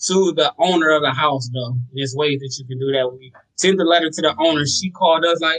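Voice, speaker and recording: Male podcast guest, easygoing and slangy, pitched a little high. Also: fairly quick, few pauses, rough recording. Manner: relaxed, slangy, tells stories with acted quotes. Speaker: guest, sober home operator. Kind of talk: casual podcast talk.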